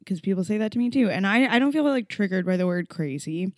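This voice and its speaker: A young woman hosts her own podcast in a candid solo rant, emotional and full of swearing, swinging between hushed and loud. At times she drops to a whisper, and she mocks critics in a low voice. Her delivery is expressive and fast, with clean studio sound and no room sound.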